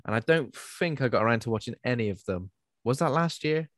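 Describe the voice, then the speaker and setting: A man's voice: medium pitch, expressive, a little fast, no echo. Man, chatty podcast co-host, lots of fillers, dry recording. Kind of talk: casual chat.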